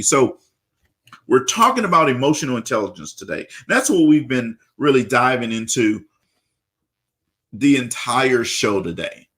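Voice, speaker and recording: A man's voice: mid-range voice, a bit bright. A man from Louisiana hosting a live radio talk show, upbeat, often stammering and repeating words.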